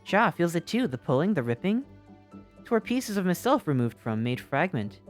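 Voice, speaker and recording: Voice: medium pitch, big pitch swings, normal speed, soft background music, pitched above the performer's own voice, natural voice. Streamer doing a quaint ancient forest being. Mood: whimsical. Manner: archaic, rambling, affectionate.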